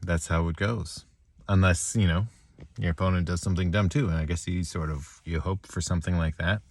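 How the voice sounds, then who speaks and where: Wry, self-mocking man, low voice. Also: steady tone, husky. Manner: wry, laughing at himself, halting restarts. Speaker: chess vlogger. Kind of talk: rambling self-deprecating reflection.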